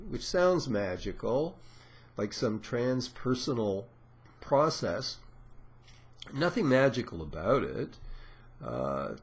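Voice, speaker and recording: A man giving an informal lecture, explaining step by step with frequent pauses and filler sounds. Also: mid-range voice. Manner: explanatory, unhurried, many "uh" and "um" pauses; acts out patient dialogue in a raised voice. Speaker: lecturer on psychoanalysis.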